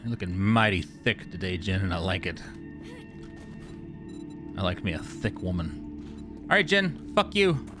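A man giving casual gameplay commentary, excitable and profane, joking with the characters he meets. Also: low-pitched, unhurried, pauses often, music in the background. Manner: excitable, profane, jokey, talks to game characters. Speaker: gamer streamer. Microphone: studio microphone.

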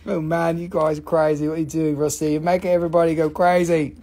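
A live-stream seller of rocks and crystals who talks in a casual, joking, profane and excitable way. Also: medium pitch, fast talker. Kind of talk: casual live sales chat.

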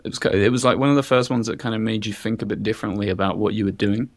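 A man's voice: fairly low pitch, fairly even intonation, racing, no echo. A man with a Southern English accent, a podcast guest rambling through casual tech chat with frequent chuckles. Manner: rambling, chuckles often, fillers like "like".

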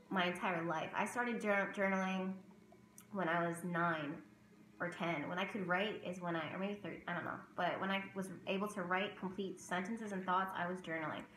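A woman's voice: mid-range voice, pushed and bright, reverberant, slight background noise, poor audio. A woman vlogging about tarot in casual chat to camera, emotional and rambling, with many fillers and restarts.

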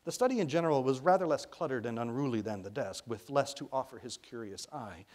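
A middle-aged man from Arkansas, an author reading his own children's novel aloud to an audience in expressive storytelling fashion. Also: mid-range voice, fast. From Arkansas, USA. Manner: expressive storytelling, briefly voicing characters.

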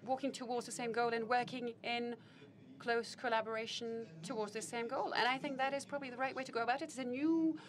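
With a fairly high voice and fairly even intonation, a woman interprets a panel conversation live in a formal, measured manner. She hesitates often, using fillers and revising phrases as she goes.

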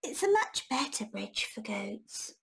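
A tiny timid spider from a children's storybook, hushed and breathy, hesitating over each word, played by a woman. It speaks slowly and softly. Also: on the high side, sing-song, in a whisper, full character voice. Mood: timid whispery.

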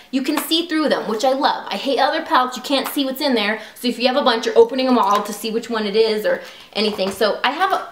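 A woman's voice: a little high, a bit bright, a little hiss or hum. A woman beauty vlogger chatting casually and gushingly about products she loves. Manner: gushing, chatty, lots of "like" and "super". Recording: echoey room.

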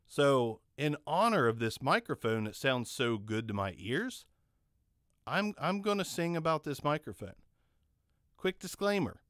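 Smooth and a little bright, this man's mid-range voice carries no echo. As a channel host, he gives a loose, meandering review of the condenser studio mic he's testing at home, cracking jokes at his own expense.

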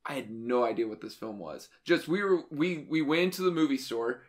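A man's voice: medium pitch, lively intonation, brisk. Easygoing man in his late twenties. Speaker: podcast co-host. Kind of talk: casual chat.

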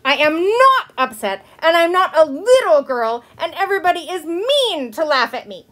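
A woman voicing a willful little kindergarten girl with a temper, speaking high and loud. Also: sing-song, fairly quick. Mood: furious.

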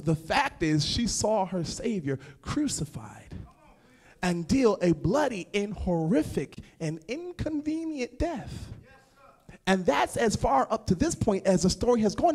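A man preaching a sermon as pastor, with an American accent, moving from hushed asides to shouted, sing-song passages and calling out to the congregation. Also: sits high, very animated, measured pace, breathy edge. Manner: addresses the congregation directly with call-outs. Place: church sanctuary.

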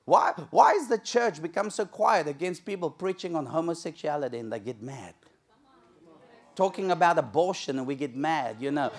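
A man's voice: on the high side, expressive, moderate pace. A middle-aged man preaching a sermon in a church, telling the story with animation and acting out the characters' lines. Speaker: pastor. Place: church sanctuary.

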